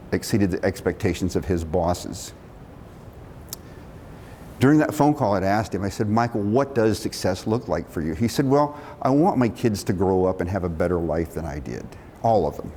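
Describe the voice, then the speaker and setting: Middle-aged guy telling a story, acts out the voices, big echoey hall. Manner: animated storyteller acting out quotes. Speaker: speaker telling his career story. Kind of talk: storytelling talk. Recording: long reverb of a hall, faint rumble.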